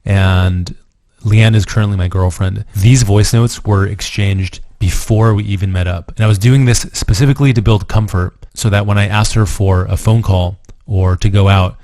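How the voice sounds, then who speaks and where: A man's voice: low-pitched, a little mellow, no echo. A man explaining dating tactics in a matter-of-fact recorded lesson. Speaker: dating coach.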